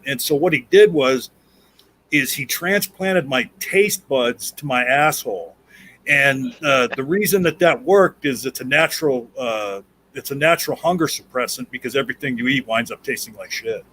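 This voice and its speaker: A man's voice: mid-range voice, moderate pace, a bit bright, a little hiss or hum, poor audio. A man telling a self-deprecating joke in a casual, easygoing way on a call-in show.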